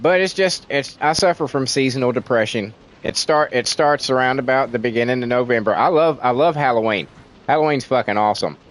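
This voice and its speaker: A man from Tennessee, USA, with a thick Southern accent vents in casual, rambling livestream chat, swearing freely. His voice is medium-pitched and the audio quality is poor.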